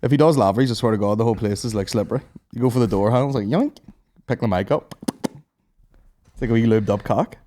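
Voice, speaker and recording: Fast-talking Northern Irish man. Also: mid-range voice. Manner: rapid, animated, swearing, mimics voices. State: hungover. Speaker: podcast host. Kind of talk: crude casual banter.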